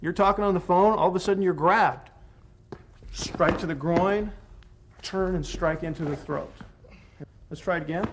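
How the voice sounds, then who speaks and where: A man's voice: high voice, moderate pace, long pauses, background noise. Man coaching a self-defense class. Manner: coaching, short commands with encouragement. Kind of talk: hands-on class instruction.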